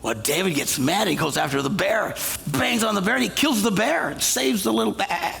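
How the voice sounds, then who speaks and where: A man preaching a comedic sermon, retelling a story with jokes and suddenly shouting the characters' lines. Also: sits high, moderate pace, creaky, in a large hall, slight background noise. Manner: animated, jokey, acts out characters with shouted quotes. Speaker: pastor. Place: church auditorium.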